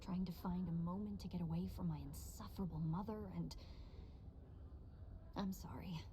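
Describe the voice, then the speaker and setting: A woman's voice: fairly low pitch, fairly even intonation, warm tone, a little hiss or hum, lightly acted. An actress voicing a restless young noblewoman in a video game, who vents eagerly. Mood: eager, relieved. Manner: eager, quick venting. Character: young noblewoman, restless, chafing under her mother.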